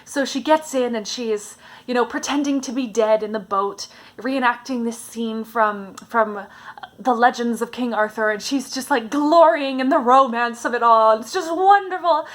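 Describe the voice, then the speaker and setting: A woman, a vlogger and stage actress, chatting casually to camera and retelling favourite scenes with animated enthusiasm. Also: fairly high pitch, moderate pace. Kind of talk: casual storytelling chat to camera.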